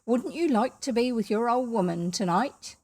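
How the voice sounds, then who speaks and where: A woman's voice: a little high, expressive, normal speed, darkish tone. Woman doing a sly rustic countryman. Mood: taunting. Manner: blunt, taunting country speech. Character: sly rustic English countryman, bold and mocking.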